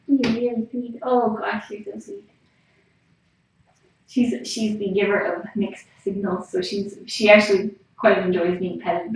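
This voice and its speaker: A woman working at a cat rescue, talking casually to a live stream camera and softly cooing and whispering to a cat. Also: medium pitch. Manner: soft, cooing baby talk to a cat, often whispered. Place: small room in a cat rescue shelter. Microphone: room camera mic from across the room. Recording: echoey room, voice from far off. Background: faint room noise and cats.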